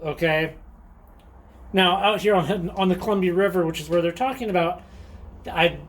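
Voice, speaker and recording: This rockhounding channel host speaks at a normal pace with a high-sitting voice. In his casual show-and-tell vlog he chats eagerly, often saying um and letting out small laughs.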